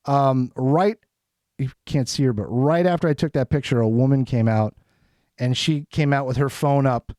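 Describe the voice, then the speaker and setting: A man co-hosting a casual podcast chat, telling a story in an animated way and acting out what people said in a raised voice. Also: mid-range voice, moderate pace, no echo, studio quality. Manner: animated, acts out quotes in a raised voice. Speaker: podcast co-host. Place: studio.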